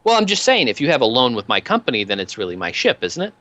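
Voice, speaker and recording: A man's voice: mid-range voice, huge pitch swings, quick pace, sharp tone, no echo. A man voicing a cheerful, menacing male debt collector who makes threats in a chummy, wheedling way, on lo-fi call audio.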